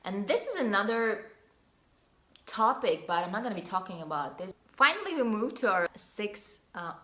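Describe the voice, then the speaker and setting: A woman's voice: mid-range voice, bright, forceful tone. A young woman from northern Kazakhstan, chatting casually in a vlog and telling stories with asides. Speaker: vlogger. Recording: echoey room.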